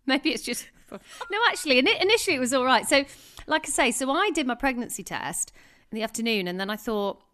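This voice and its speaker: A woman's voice: sits high, animated, quick pace, pushed and bright. A woman in her thirties co-hosting a podcast, chatting casually and laughing often as she tells a story. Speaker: podcast co-host. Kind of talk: casual chat.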